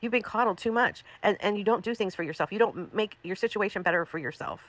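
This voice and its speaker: Fast-talking exasperated ranting woman. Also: mid-range voice. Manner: profane, exasperated, repetitive. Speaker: commentary livestream host. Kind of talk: ranting commentary.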